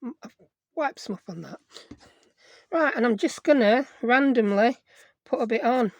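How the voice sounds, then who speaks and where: A woman's voice: a little high, expressive, normal speed, a little mellow, no echo. Chatty woman, craft tutorial. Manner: chatty, self-deprecating, thinking aloud while working. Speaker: craft video host.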